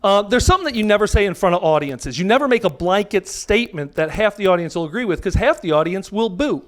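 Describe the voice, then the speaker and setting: An American man performs a live stand-up set with a high, animated voice at a quick pace. He is brash and profane and often cuts himself off mid-thought, while audience laughter breaks over the mic in the comedy venue.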